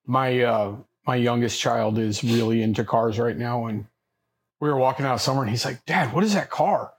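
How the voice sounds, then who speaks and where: A man's voice: mid-range voice, steady tone, moderate pace. A man with a Southern US accent, a podcast co-host and father who rambles and searches for words in casual banter. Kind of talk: casual banter over drinks.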